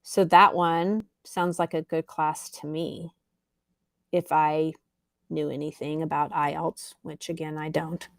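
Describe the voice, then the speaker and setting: A woman's voice: fairly low pitch, no echo. A woman teaching English on a live stream, patiently answering viewers' chat comments. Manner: slow, patient, reads chat comments aloud.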